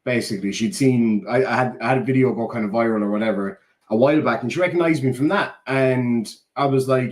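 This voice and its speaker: A man's voice: medium pitch, fast. Sarcastic man in his thirties. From Ireland. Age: 30s. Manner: indignant, sarcastic rebuttal. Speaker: YouTuber reacting to a critic. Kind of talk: casual rant.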